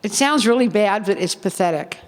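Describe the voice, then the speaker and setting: At a seminar held in a reverberant hall, a onetime showgirl in her later years tells outspoken stories. Her mid-range voice is brisk and animated, she laughs often, and she gives quoted voices a performance.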